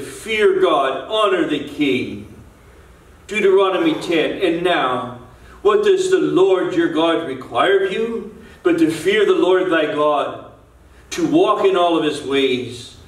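Man, pastor, earnest sermon with repeated restarts, a slightly high voice, standing back from the mic in a roomy church. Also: recorded from a distance. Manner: earnest, repetitive preaching with restarts. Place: church sanctuary.

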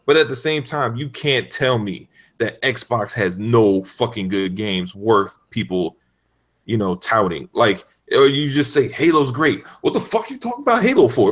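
A man chatting on a gaming podcast in a casual, profane way. His pitch swings widely, and he breaks into loud mocking outbursts. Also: normal speed. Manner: profane, animated storytelling with loud mock outbursts. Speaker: podcast guest.

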